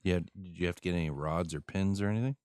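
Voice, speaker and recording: A man's voice: sits low, quick pace, a little mellow, no room sound, studio quality. A man hosting a casual podcast chat, asking random questions and laughing often. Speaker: podcast host.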